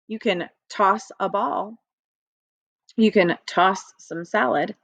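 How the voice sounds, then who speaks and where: Lady teacher doing a phonics lesson for little kids, slow and chirpy, dry close sound. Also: mid-range voice, creaky, no echo. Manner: upbeat, sing-song teacher voice talking to young children. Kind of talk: recorded classroom phonics lesson.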